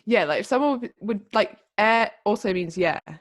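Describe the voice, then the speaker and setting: A woman's voice: medium pitch, lively intonation, normal speed. A young woman co-hosting a podcast, chatting casually in a giggly, self-conscious way. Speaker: podcast co-host. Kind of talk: casual chat.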